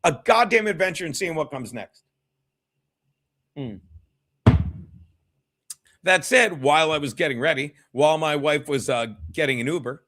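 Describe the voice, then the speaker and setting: A man talks loosely on a home livestream, cursing often and drifting from thought to thought. His voice sits fairly high for a man, and he speaks straight to the chat. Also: fairly bright tone. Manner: profane, rambling, chats with viewers. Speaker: comedian hosting a livestream. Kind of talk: casual solo livestream chat.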